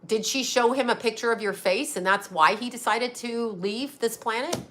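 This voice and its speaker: A middle-aged woman, a psychic medium, ranting on a livestream with angry, profane, rapid-fire questions aimed at a critic. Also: a little high, fairly bright tone, slight background noise. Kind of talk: heated livestream rant to viewers.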